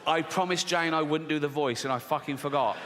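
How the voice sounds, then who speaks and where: A man's voice: a little high, brisk. A middle-aged man performing a stand-up set, brash and sweary, ranting at the crowd. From England. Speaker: stand-up comedian. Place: large theatre stage. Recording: live hall reverb with audience noise.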